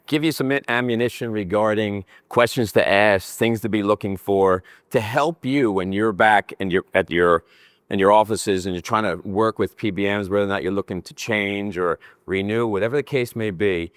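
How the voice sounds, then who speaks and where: An older man from New Jersey giving a conference presentation, animated and joking as he talks with his hands. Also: on the low side, normal speed, dry recording, studio quality. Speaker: conference speaker. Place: conference session room.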